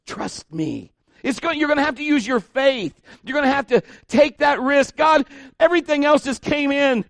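A pastor delivers a sermon in a fairly high male voice, talking informally with asides and restarts. He often climbs in pitch and volume as he gets animated. The recording is dry, with no room echo. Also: normal speed.

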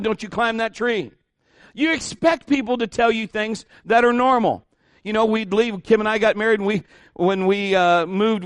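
High-voiced animated male preacher. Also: no room sound, clean studio sound. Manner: animated preaching, often rising in pitch and volume, acting out quoted voices; informal and conversational, with restarts and asides. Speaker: pastor. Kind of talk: sermon.

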